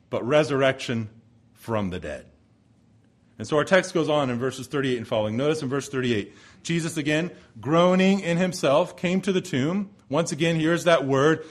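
A man preaching an expository sermon, moving between forceful emphasis and hushed, slow pauses. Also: on the high side. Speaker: pastor.

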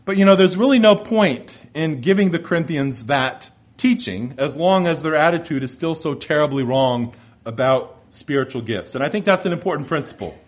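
Male pastor, slightly high-pitched, emphatic expository preaching with repetition. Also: animated, normal speed. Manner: emphatic, repeats key phrases, acts out voices of the listeners. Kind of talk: expository sermon.

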